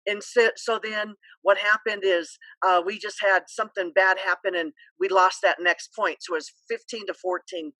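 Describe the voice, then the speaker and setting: A woman's voice: medium pitch, fairly even intonation, normal speed, few pauses, bright, forceful tone, dry recording, poor audio. A middle-aged woman, a former school counselor, telling a rambling story on a video call and laughing easily.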